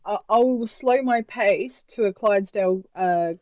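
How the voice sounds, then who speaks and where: A woman playing a tabletop game, describing her horse character quickly and animatedly, with sound effects. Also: medium pitch, warm tone, no room sound, dull audio. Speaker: player.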